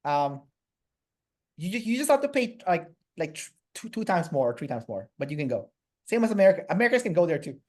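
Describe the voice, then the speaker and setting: Animated, rambling Canadian man. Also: fairly high pitch, a little fast. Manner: animated, many fillers and restarts. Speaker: interview guest. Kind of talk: casual storytelling chat.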